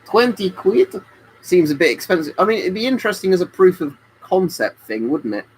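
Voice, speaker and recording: A man's voice: sits high, big pitch swings, fairly quick, slight background noise, rough recording. A man chatting casually on a webcam live stream, rambling and answering viewers by name. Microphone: webcam stream mic.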